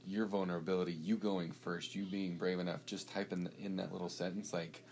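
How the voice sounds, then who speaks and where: A man's voice: low voice, brisk, a little hiss or hum. A man co-hosting a casual faith podcast, talking loosely and repeating words as he goes. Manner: relaxed, repeats words as he talks. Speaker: podcast co-host.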